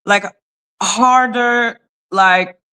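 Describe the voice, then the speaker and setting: A woman hosting a casual live stream, bluntly scolding her chat with profanity and sudden swings between high exclaims and low asides. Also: very slow, sharp tone, clear, resonant tone. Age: adult, former high school teacher.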